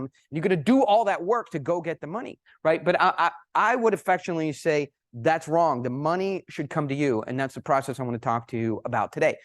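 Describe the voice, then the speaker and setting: A man speaking at a conference, telling a story with lively emphasis and a fairly high-pitched voice. The recording is dry and close, with little room sound. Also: fast, hardly any pauses, no echo. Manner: animated, emphatic anecdote-telling. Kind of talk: presentation with storytelling.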